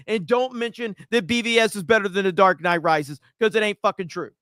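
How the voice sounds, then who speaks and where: A man's voice: high voice, fairly quick, few pauses, fairly bright tone, no echo, studio quality. A man hosting a casual livestream, reading out viewer comments and ranting in a profane, mock-outraged way. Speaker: livestream host.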